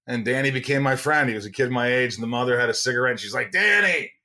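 A middle-aged man with a medium-pitched voice talks very fast as a podcast guest. He tells casual stories in an animated way, acting out the people he quotes.

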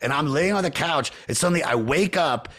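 A man from Maryland hosting a podcast, chatting excitedly and casually with his guest. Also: a little high, fairly quick. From Montgomery County, Maryland. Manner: excitable, keeps saying "dude". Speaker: podcast host.

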